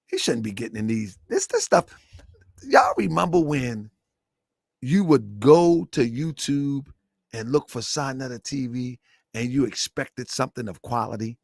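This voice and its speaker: Animated gravelly-voiced male show host. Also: mid-range voice, unhurried, no room sound, clean studio sound. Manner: animated, rambling, repeats himself, bursts of laughter. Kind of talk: casual livestream commentary.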